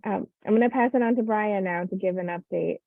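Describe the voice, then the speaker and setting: Female meeting chair, cordial, gravelly tone; dry, phone-like audio. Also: medium pitch, brisk, dry recording.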